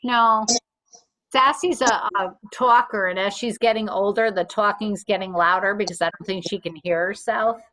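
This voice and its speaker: A woman teaching a fitness class, giving clear step-by-step cues with gentle reassurance. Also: mid-range voice, fairly even intonation, moderate pace, low-quality recording. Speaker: fitness instructor. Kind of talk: guided exercise class instruction.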